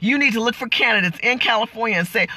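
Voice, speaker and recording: A woman's voice: a little high, fast talker, bright, forceful tone, no room sound. Middle-aged woman, political vlog rant, blunt, fiery, cursing, rhetorical questions, dry close recording. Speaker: political commentator.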